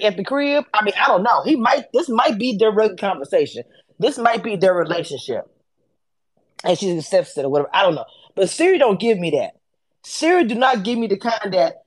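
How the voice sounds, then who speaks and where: A woman hosting a casual live audio chat about reality TV, animated and sassy. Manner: animated, sassy, acts out quotes with swings in pitch. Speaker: host of a reality TV discussion space.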